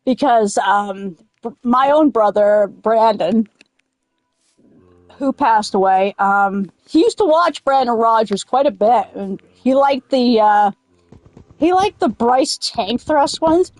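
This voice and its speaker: High, lively woman gamer swearing. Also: slow pace, dry recording. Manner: swears a lot, blurts angry outbursts at the game; rambling, drifts into silly riffs. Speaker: gaming streamer. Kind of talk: casual let's-play chat.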